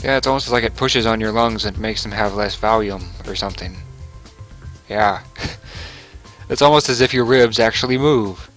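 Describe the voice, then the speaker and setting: A man's voice: on the low side, normal speed, pauses often, a bit bright, soft background music, poor audio. A young man giving casual, rambling commentary over a game he plays, chuckling and correcting himself as he goes. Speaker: gaming video commentator. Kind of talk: casual let's play commentary.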